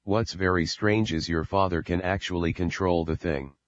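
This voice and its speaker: A man voicing a calm, comforting middle-aged mother in an audiobook, in a steady low voice on a dull recording. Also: moderate pace, dry recording, close to an everyday voice. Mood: reassuring.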